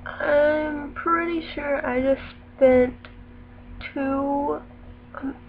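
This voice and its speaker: A woman's voice: sits high, fairly even intonation, very slow. A teenage girl vlogging at home, rambling and laughing at herself. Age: late teens. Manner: rambling, self-deprecating, filler-heavy. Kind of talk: casual vlog chat. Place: at home indoors. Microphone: webcam. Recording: dull lo-fi webcam audio with noise.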